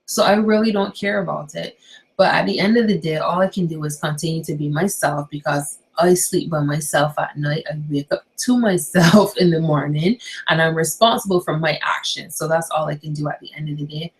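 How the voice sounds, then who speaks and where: A young woman vlogging casually from her bedroom at night, chatty and animated, firing rhetorical questions at her viewers. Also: low voice, fairly quick, low-quality recording. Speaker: YouTuber. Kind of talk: casual vlog talk to viewers.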